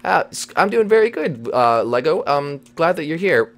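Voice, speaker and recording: A man's voice: fairly high pitch, very animated, normal speed. A man hosting and playing a Minecraft role-play, hesitant and full of "uh"s. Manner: bumbling, hesitant, stammers with "uh". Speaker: host and Minecraft role-player.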